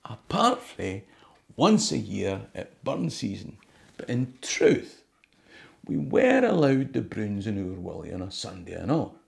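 Gravelly Scottish man, chatty and wry. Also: lowish voice, very animated, a little slow. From Scotland. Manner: chatty and wry, mixes Scots words into English. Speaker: history tour guide and channel host. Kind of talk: casual talk to camera.

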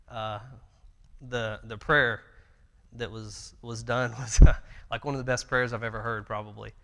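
A man in his thirties tells stories in a church Bible class, earnest and conversational with fillers. His medium, level voice is unhurried and pauses often, and the meeting room gives a long church hall reverb.

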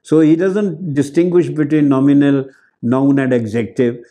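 A man's voice: on the high side, steady tone, moderate pace, warm tone. An older man with an Indian accent, a professor explaining grammar in a lecture, repeating key words and adding Hindi asides. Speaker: professor giving a talk on grammar.

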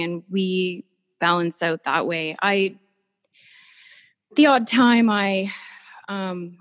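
A woman's voice: on the low side, fairly bright tone. Woman, artist guest, gushing storyteller, casual chat, reverberant sound.

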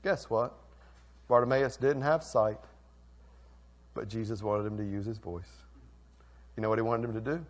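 A male pastor preaching a sermon, swinging from quiet, intimate lines to loud, fervent ones. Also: fairly low pitch, normal speed, pauses often. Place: church sanctuary.

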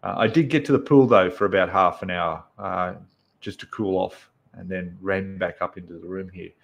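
A man with an Australian accent hosts a casual live stream from inside his apartment, greeting viewers by name and chatting with lots of fillers. His voice sits low, at normal speed, with vocal fry.

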